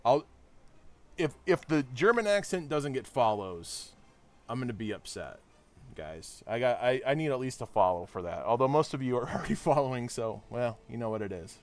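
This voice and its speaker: A man's voice: mid-range voice, animated, normal speed. A man streaming a video game, chatting casually with viewers and poking fun at himself. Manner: chatty, self-deprecating, talks to chat. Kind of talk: casual live-stream chat while gaming.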